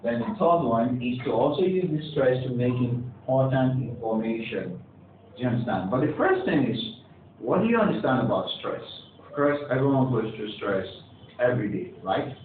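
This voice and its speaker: A man's voice: medium pitch, animated, normal speed. A man teaching a pronunciation lesson to a class, encouraging the students, putting questions to them and praising their answers. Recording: echoey, distant, phone-like with faint hiss.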